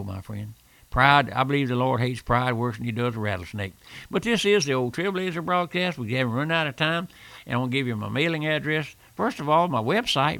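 A man's voice: mid-range voice, creaky, fairly bright tone, no room sound. An older man preaching a fervent radio sermon, repeating phrases and calling the listener "my friend".

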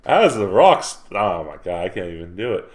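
A man's voice: low-pitched, very animated, a little fast. A man in casual chat as co-host, hesitant and self-conscious, often trailing off and laughing.

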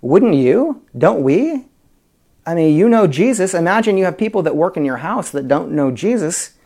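A man teaching a Bible study in a conversational way, full of rhetorical questions and swinging between loud emphasis and quiet asides. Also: sits high, sing-song, moderate pace. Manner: frequent fillers and restarts, chuckles.

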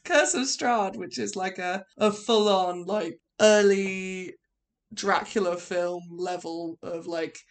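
A young woman from England co-hosting a podcast, telling animated stories and laughing often in casual chat. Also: medium pitch, slow. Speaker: podcast co-host.

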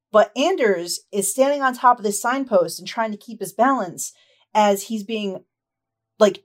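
A woman running a tabletop game as game master, describing scenes in a relaxed, chatty way with frequent fillers. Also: medium pitch.

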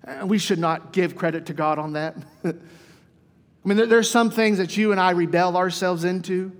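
High-voiced preacher in a reverberant hall. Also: male voice, normal speed. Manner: swings between soft hushed passages and lively, raised mock dialogue. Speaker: pastor. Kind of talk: sermon. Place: church sanctuary. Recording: long reverb of a church hall.

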